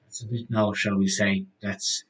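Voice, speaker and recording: A man's voice: on the low side, flat delivery, normal speed, lightly acted, rough recording. A man doing a rambling, gossipy frontier shopkeeper. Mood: chatty. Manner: rambling, hesitant, full of restarts. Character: chatty middle-aged male frontier shopkeeper, gossipy. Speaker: game master.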